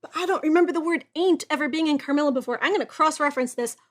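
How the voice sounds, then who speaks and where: A young woman with a high voice reads a Gothic tale aloud, then drops into chatty, musing asides. Her commentary is wry and casual, lively next to the steady reading. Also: very fast. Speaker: reader and host.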